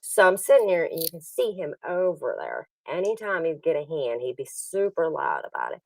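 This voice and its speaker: A woman's voice: deep voice, normal speed, recorded from a distance, slight background noise, rough recording. A woman telling a casual story on a poker stream, acting out what other people said. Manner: animated, acts out other people's lines.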